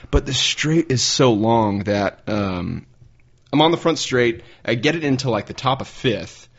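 A man's voice: mid-range voice, expressive, a little slow, breathy edge, lo-fi sound. A man who is a motoring journalist, telling stories as a guest in a casual chat and laughing at himself. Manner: easygoing storyteller, laughs at himself.

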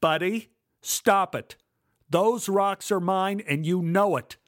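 A man's voice: high voice, lively intonation, normal speed, no room sound, studio quality, voice pushed up. A man voicing his younger self as a boy, insistent and pleading for his rocks back. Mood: indignant.

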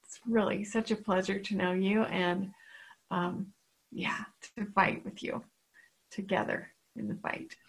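A woman guides a group talk, unhurried and breathy. She encourages speakers and thanks them. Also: medium pitch, fairly even intonation, rough recording. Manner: warmly encouraging, thanks participants. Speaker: group host.

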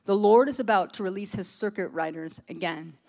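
A woman's voice: medium pitch, brisk, vocal fry, a little mellow, lightly acted. An American woman in a sermon quoting a solemn male angel messenger who speaks in grave, declaring tones.

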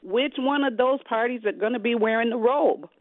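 A woman's voice: fairly high pitch, normal speed, dry recording. A woman calling in to a radio talk show, speaking in a frustrated, rhetorical way. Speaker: caller. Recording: tinny phone line.

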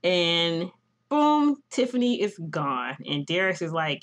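A woman co-hosting a casual podcast, recapping a TV episode in a chatty, animated way and quoting the characters. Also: fairly low pitch, slow. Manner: chatty, animated retelling with quoted voices. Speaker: podcast co-host recapping a TV show. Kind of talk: casual chat.

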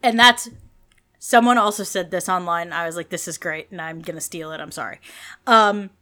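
A young woman co-hosting a podcast, chatting casually and animatedly with many quick asides. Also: on the low side, sharp tone. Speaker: podcast co-host. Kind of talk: casual fan chat.

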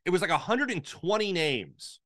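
A man's voice: moderate pace, no echo, studio quality. A middle-aged man from Philadelphia, a sports broadcaster, telling a story in casual chat and acting out the quotes of the people in it. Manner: animated storyteller, acts out quotes with big pitch jumps. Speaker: podcast guest, sports broadcaster.

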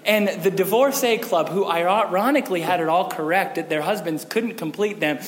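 A man preaching a sermon, telling a story with lively animation and acting out the scenes. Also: high-pitched, moderate pace, big-room sound, a little hiss or hum. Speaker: pastor.

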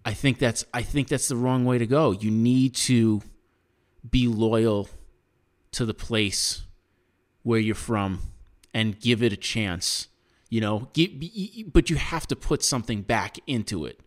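A man's voice: medium pitch, unhurried. An American man co-hosting a podcast, giving earnest opinions in casual chat with frequent restarts. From United States. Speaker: podcast co-host.

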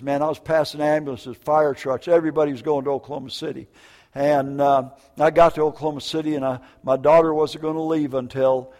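A man's voice: medium pitch, a little mellow. An older man preaching a sermon, telling a personal story in a folksy, emotional way with frequent asides. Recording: long hall reverb.

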